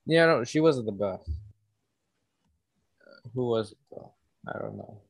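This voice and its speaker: A man co-hosting a casual movie-review podcast over an online call, dry and contrarian in a deadpan way. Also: mid-range voice, measured pace, creaky, husky, dry recording. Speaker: podcast co-host.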